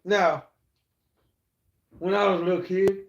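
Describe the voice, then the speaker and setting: A man's voice: high voice, steady tone, a little slow, vocal fry, echoey room, dull audio, noisy background. A man hosting his own podcast, talking bluntly and profanely as he gives life advice in a rambling monologue that often repeats itself. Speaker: podcast host.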